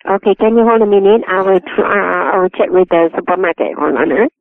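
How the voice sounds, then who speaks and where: A man's voice: high-pitched, fast, gravelly. A man answering a shop phone and politely helping the caller. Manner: polite, patient. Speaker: shop receptionist. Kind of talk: phone call. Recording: tinny phone line.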